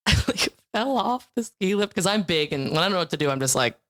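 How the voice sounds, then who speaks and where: A young woman from Iowa, a guest on a podcast, telling improv stories in a bubbly, animated way and laughing often. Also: fairly low pitch, moderate pace. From Iowa, USA. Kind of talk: casual chat.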